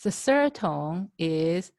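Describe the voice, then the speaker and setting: A woman teaching a class over a video call, a native Chinese speaker explaining in English with many pauses, fillers and everyday examples. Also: on the low side, sing-song, creaky, darkish tone. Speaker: language teacher.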